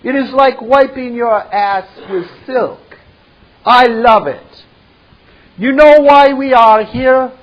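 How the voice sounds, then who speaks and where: A man's voice: extremely high pitch, slow, pitched above the performer's own voice. Man putting on a smug grandiose French-styled schemer. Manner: grandiose, theatrical. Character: smug self-assured French-styled male program. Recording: dull lo-fi recording.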